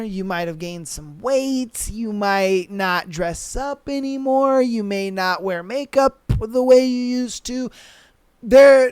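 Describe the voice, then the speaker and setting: A male podcast host with a high-sitting, clean voice delivers ranting advice commentary, recorded at studio quality with no room sound. He's blunt and profane, full of slang and repeated lines, and keeps saying "bro."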